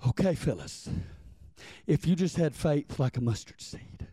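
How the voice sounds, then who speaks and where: A man preaching a sermon, impassioned and rising to shouts before dropping to hushed prayer. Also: fairly high pitch, moderate pace, no room sound, studio quality.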